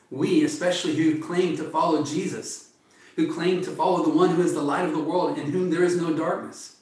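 A man preaching a sermon in an earnest, measured way, often appealing to his listeners as friends. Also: fairly high pitch. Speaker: pastor. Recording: echoey room, distant mic.

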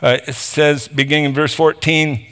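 Bright-voiced man preaching a sermon. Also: a little high, steady tone, moderate pace, clear, resonant tone. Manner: expository, reading scripture aloud with emphatic asides.

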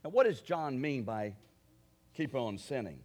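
Guy preaching a sermon, medium pitch, punches up his points, keeps asking the crowd questions. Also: sing-song, measured pace. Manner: emphatic, building to forceful declarations; addresses the congregation with direct questions. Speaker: pastor.

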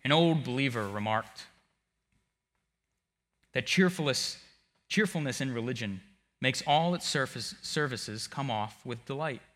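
A male preacher delivering a sermon, swinging from hushed tones to shouting. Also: mid-range voice, animated, unhurried, pauses often. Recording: long hall reverb.

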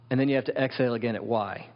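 A man's voice: medium pitch, fast. A man preaching a sermon as pastor, vivid and emphatic, asking the congregation rhetorical questions. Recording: dull sound with long hall reverb.

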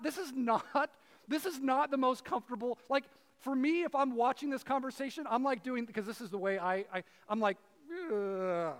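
High-voiced man preaching in a reverberant hall. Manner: casual and animated, acts out voices, many fillers. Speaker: preacher and professor. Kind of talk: conversational sermon. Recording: long reverb of a large hall.

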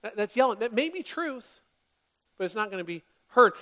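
A high, bright-pitched woman in her forties delivers a sermon from the front of a church. She preaches with animated energy, sliding from hushed asides to loud, dramatic bursts as she acts out everyday scenes. Her voice sits notably high for its register. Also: moderate pace. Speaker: pastor. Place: church hall with congregation.

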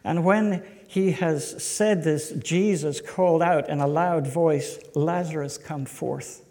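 Man preaching in a church, unhurried and emphatic, slightly high voice with long hall reverb. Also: a little mellow. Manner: slow, emphatic, rhetorical questions to the congregation. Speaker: pastor. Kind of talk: sermon. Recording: echoey hall.

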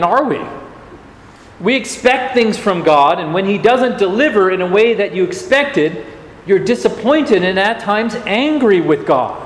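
An earnest male pastor preaches in a high, animated voice and presses his listeners with rhetorical questions. His words echo around a large church hall with a long reverb tail. Faint ambience stays in the background. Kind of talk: sermon.

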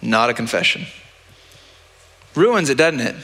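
Preaching a sermon, a male pastor speaks at a moderate pace in a bright, forceful voice of ordinary middle pitch. He keeps it plain, practical and conversational, often throwing a "right?" out to the congregation. A long church-hall reverb fills the recording.

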